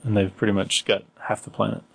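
Low-voiced man joking on a podcast. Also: little pitch movement, fairly quick, gravelly, breathy edge. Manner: easygoing, jokey, laughs along. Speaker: podcast co-host. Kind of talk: casual chat.

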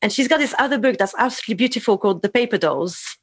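A woman's voice: on the high side, expressive, racing, husky, dry recording. A woman in her forties, from France, chatting as a podcast guest. She laughs often and restarts her sentences as she talks. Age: 40s. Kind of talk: casual conversation.

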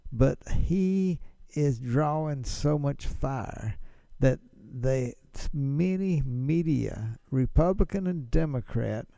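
Male host, gravelly and dark-toned, chatty political commentary, dry close sound. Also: mid-range voice, lively intonation, slow pace, dry recording. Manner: chatty, rhetorical questions, chuckling. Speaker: podcast host.

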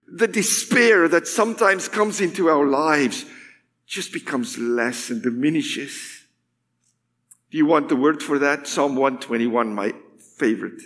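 A man preaching a sermon with passion, swinging between loud, ringing declarations and hushed, drawn-out words. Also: on the high side, expressive. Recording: echoey hall.

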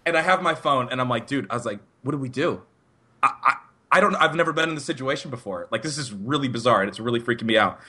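A young man on a podcast telling a long story in a casual, animated way, often laughing as he talks. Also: medium pitch, very fast. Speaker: podcast co-host.

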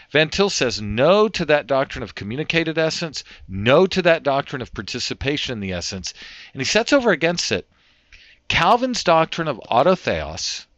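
A man's voice: on the high side, a bit bright, no room sound, highs cut off. A man discussing theology in an interview, in an emphatic, lecturing way that often repeats words as he restarts. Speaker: theologian guest.

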